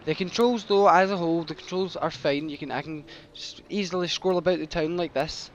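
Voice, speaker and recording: A man hosting a game commentary, excitable and swearing at the screen. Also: on the high side, a little fast, slight background noise. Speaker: host. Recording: dull mic with game music.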